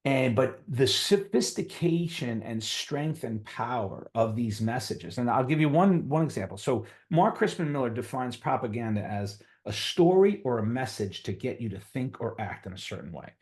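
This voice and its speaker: A middle-aged man with a New York accent, a physician guest on a conversational interview, telling stories with lively pitch swings. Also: normal speed, hardly any pauses. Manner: animated storyteller, voices quotes with big pitch jumps.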